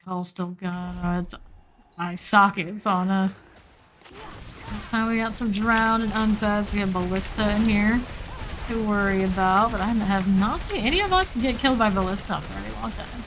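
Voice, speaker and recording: A woman streaming live gameplay, narrating her moves in short, calm callouts at an ordinary middle pitch. Her voice sits over a clear, steady hiss that sounds like rain in the background of the stream audio. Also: normal speed, rough recording. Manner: steady running callouts, calm and matter-of-fact.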